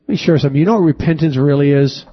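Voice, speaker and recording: A man with a high-pitched voice preaches a sermon, reading scripture aloud and pausing to quiz the congregation with questions. His delivery swells with emphasis on key words. The recording sounds a little dull and lo-fi. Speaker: pastor. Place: church sanctuary with congregation.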